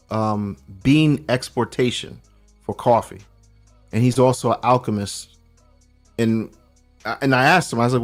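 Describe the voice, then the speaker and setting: A New York man tells stories in a loose, slangy way on a remote call, his voice at an everyday middle pitch. He acts out the people he quotes as he goes. Faint music plays behind him. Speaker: podcast guest. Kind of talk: casual chat.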